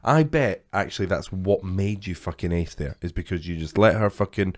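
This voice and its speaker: A young man co-hosting a casual comedic podcast, bantering with quick reactions and plenty of swearing. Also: deep voice, animated. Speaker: podcast co-host.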